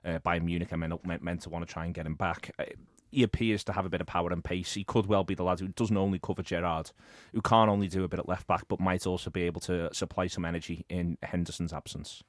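Brief: male podcast host, quick lowish voice, chatty with false starts, dry close studio mic. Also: steady tone, no room sound. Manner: quick, chatty, hesitant restarts. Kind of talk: casual football chat.

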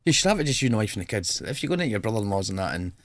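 A man's voice: on the low side, sing-song, very fast, dry recording, clean studio sound. A man co-hosting a radio show, joking and rambling in casual chat. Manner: joking, rambling, does silly voices. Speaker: radio co-host.

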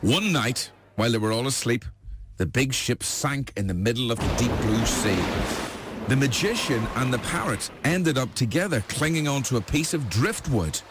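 A man's voice: medium pitch, lively intonation, moderate pace, a bit bright, a little hiss or hum. A man telling long jokes, passed off as true stories, in a rambling way full of fillers. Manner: rambling, filler-heavy, chuckling. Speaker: joke teller.

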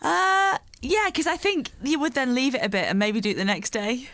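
A woman, co-hosting a breakfast radio show, chatty and quick to laugh as she reads out listeners' texts. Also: high-pitched, a bit bright, slight background noise. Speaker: radio co-host. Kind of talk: radio banter.

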